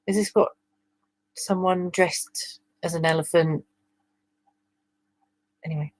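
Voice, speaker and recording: A woman's voice: lowish voice, steady tone, takes it slowly, pauses often, dry recording. A British woman reading a fan story aloud on a livestream with amused, chatty asides.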